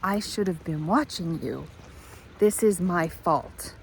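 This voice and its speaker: A woman voicing a protective, guilt-ridden mother wolf in a slow, earnest, repetitive vow. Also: fairly low pitch, gravelly, slight background noise, low-quality recording.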